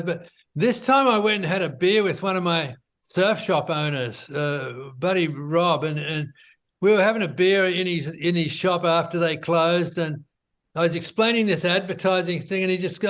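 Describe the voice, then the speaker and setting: A man, a business founder, telling his story in a relaxed, conversational interview, often tossing in "you know" and "right?". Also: sits high, normal speed.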